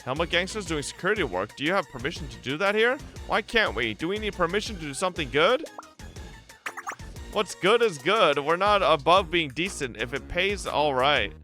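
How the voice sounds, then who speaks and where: A man voicing a gruff young female gang member who talks in a flat, dismissive way while reading game dialogue. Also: on the high side, moderate pace, faint music behind.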